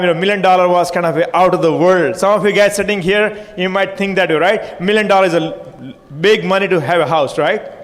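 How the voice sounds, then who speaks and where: High-pitched man in a reverberant hall. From India. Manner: repetitive, punchy, audience-prodding. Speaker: motivational speaker. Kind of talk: motivational stage talk. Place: hotel conference hall.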